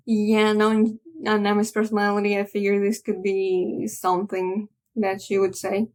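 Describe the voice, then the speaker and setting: A woman's voice: medium pitch, monotone, moderate pace, few pauses, a little mellow. A woman reading a comic aloud and chatting about it, with frequent restarts and trailing asides. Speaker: manga reaction creator. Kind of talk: reading a comic aloud with casual reaction commentary.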